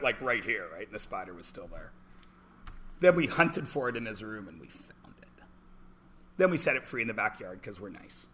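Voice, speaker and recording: A man's voice: mid-range voice, animated, fairly quick, sharp tone, husky. A man in his forties teaching a math class, chatty and joking, asking the class questions in between. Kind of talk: classroom lecture with anecdotes.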